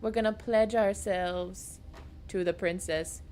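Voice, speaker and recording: A woman's voice: medium pitch, steady tone, slow pace, warm tone, a little hiss or hum. A young woman streaming a game from home at a desk mic, gushing and emotional, baby-talking to her pets. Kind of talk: gaming livestream chat. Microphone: desk microphone.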